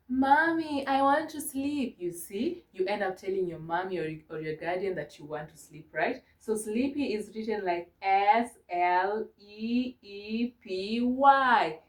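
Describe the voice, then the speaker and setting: A woman from Kenya teaching a mock English lesson to a young child, gentle and encouraging, spelling words out slowly. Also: medium pitch, echoey room. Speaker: online ESL teacher.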